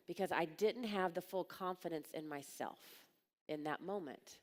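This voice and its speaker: A woman who speaks on coaching businesses gives a live conference talk in a large hall. Her fairly low voice moves at a moderate pace with long pauses and a long reverb tail. She tells stories bluntly and directly, acting out the voices of the people she quotes.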